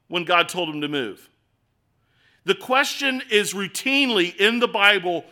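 Animated, bright-voiced male preacher. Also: high-pitched, measured pace. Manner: conversational, animated preaching with acted asides. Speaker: pastor. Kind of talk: sermon.

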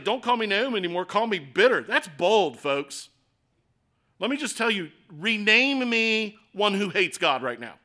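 A male pastor with a high, bright voice delivers an impassioned sermon. He shifts between hushed earnestness and rising, emphatic declarations, punctuated by rhetorical questions. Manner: builds from quiet intensity to loud, passionate preaching.

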